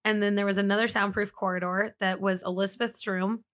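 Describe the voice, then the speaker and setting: Telling a true-crime story as a podcast host, this woman talks a bit fast in a mid-range, fairly bright voice with flat delivery. She's conversational, laughs often, and fills her sentences with "like."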